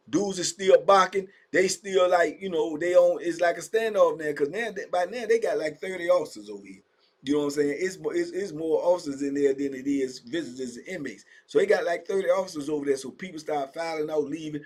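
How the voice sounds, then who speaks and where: A man with a Virginia accent, his voice a little high for a man and slightly husky, tells prison stories in a loose, casual monologue. He gets animated and acts out the shouting of inmates and guards. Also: a little fast. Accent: Southern US, Virginia. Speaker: storyteller recounting prison life.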